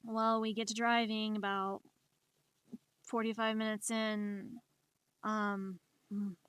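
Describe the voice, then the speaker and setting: A woman's voice: medium pitch, little pitch movement, slow pace, fairly bright tone, clean tone, no echo. A young woman streamer telling a personal story in a casual, anxious way, often stammering and repeating herself. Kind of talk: storytelling during a live art stream.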